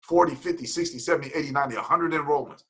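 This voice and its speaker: A man leading a motivational team call, energetic and preachy, repeating himself for emphasis. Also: on the high side, rapid-fire, low-quality recording. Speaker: team leader.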